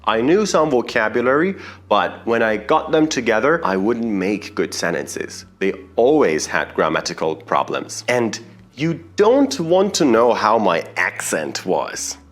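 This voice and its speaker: Slow, lively-voiced male English teacher. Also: fairly low pitch. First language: Persian. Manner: earnest, explanatory, addresses viewers directly. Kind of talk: telling his learning story to students.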